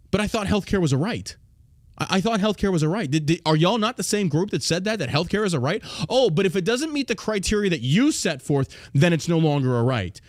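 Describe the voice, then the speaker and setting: A male podcast host rants through political commentary, heated, mocking and profane. His voice is high-pitched, and the studio-quality recording has no echo.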